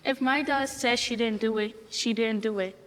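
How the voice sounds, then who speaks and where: A determined, principled mother, played by a woman speaks firmly and earnestly in a slightly high voice. A long hall reverb and faint ambience surround her. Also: fairly even intonation, normal speed, a little hiss or hum, natural voice. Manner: firm, earnest.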